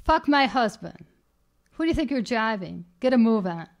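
A woman's voice: fairly high pitch, animated, brisk, natural voice. A woman voicing a leering, aggressive male burglar who talks with coarse slang and derision, in a literary reading. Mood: hostile.

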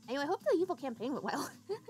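Girl streamer rambling to chat while gaming, kinda high voice that bounces all over, swears a bit. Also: very animated, very fast, soft background music. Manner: chatty, swears casually, talks to chat.

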